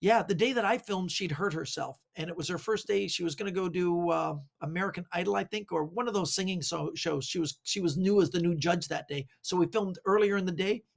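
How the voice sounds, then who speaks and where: Male guest, high gravelly voice, lively storyteller on a video call. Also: a little fast, few pauses. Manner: animated anecdotes with quoted voices. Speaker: guest magician. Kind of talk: casual storytelling.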